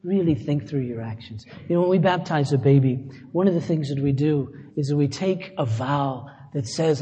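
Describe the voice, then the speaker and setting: A middle-aged man delivers a conversational sermon in a church, his voice mellow and slightly husky and pitched a little high for a man. He moves between scripture and self-deprecating asides, and the sound carries a long church reverb. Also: normal speed, hardly any pauses. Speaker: pastor.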